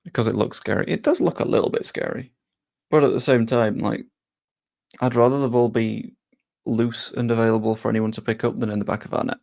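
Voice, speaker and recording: A man hosting a football channel, chatting casually as he answers viewer questions with quick asides. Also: medium pitch, steady tone, creaky, a little mellow. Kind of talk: casual live-stream Q&A.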